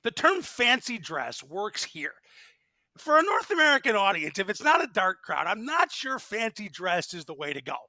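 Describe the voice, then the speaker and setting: Animated, high-voiced male podcast panelist. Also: moderate pace, dry recording. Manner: animated, emphatic, opinionated asides. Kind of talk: casual podcast chat.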